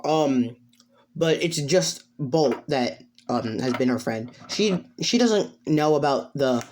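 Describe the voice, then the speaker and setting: A woman's voice: rumbling low, expressive, slow pace, darkish tone, a little hiss or hum. A woman improvising a fan story, narrating hesitantly with many fillers.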